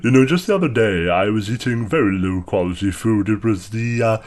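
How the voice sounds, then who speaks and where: A man's voice: on the low side, lively intonation, fairly quick, darkish tone, lightly acted. A man voicing a proud, well-fed grey sewer rat in a tabletop role-playing game, speaking in a dry, matter-of-fact way. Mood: wry. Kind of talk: game master voicing a creature.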